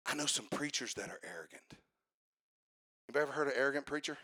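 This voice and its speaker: A man preaching a sermon to a congregation, building to fervent shouts and calling for responses. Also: medium pitch, expressive, fast, no room sound, clean studio sound. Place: church service.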